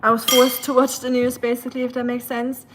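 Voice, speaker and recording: A woman with a slightly high voice chats on a live stream while she cooks in her kitchen. She talks easily to her dog and reads out viewer comments between tasks. Dishes and pans clatter clearly in the background. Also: completely flat delivery, fast, background noise. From learned British English. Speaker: livestream host. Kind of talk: casual live-stream chat while cooking. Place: home kitchen. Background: kitchen clatter of dishes and pots.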